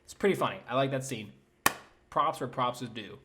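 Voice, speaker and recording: Mid-range, brisk, bright and forceful, a young man delivers a sarcastic comedy recap of a movie. He rambles casually, leans on fillers, and mocks the characters with impressions.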